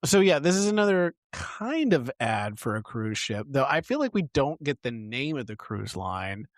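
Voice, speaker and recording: A man co-hosting a podcast, recapping a TV episode in casual, animated chat with plenty of fillers. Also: mid-range voice, normal speed, no echo. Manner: chatty, animated, lots of fillers. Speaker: podcast co-host.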